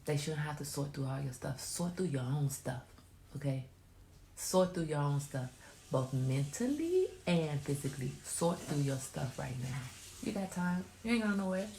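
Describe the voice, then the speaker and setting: A woman's voice: low voice, animated, moderate pace, creaky, mellow, slight background noise. A woman hosting a casual livestream, chatty and emphatic, giving motherly advice to viewers. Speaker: host. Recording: roomy echo.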